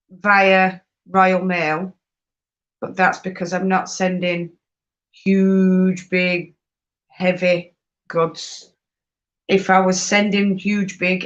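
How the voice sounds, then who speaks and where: A woman's voice: lowish voice, a bit bright, dull audio. A woman chatting casually on a live stream, reading out and answering viewers' questions. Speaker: fibre craft live-streamer.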